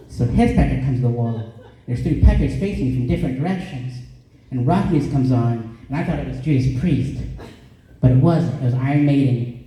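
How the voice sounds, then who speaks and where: A male stand-up comedian from Colorado, delivering a deadpan comedy set in a small club. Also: medium pitch, a little hiss or hum. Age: 20s or older. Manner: deadpan, sings a parody song at a slow drawn-out pace. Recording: echoey room, voice caught from a distance.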